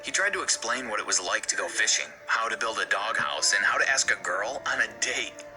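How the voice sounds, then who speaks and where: A man reading a scripted first-person story in an earnest, steady way for an animated video. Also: lowish voice, brisk, low-quality recording. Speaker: narrator. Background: background music.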